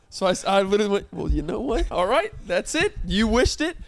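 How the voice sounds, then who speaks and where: A man's voice: high-pitched, a little fast, no echo. A young man co-hosting a podcast, telling stories in casual banter and acting out what people said. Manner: animated storyteller, acts out voices. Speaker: podcast co-host.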